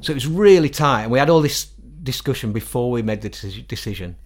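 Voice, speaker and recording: A middle-aged man with a Northern English accent, a musician guest telling animated stories in a casual interview. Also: medium pitch, fast talker. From England. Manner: animated, quotes others in acted-out voices, laughs often.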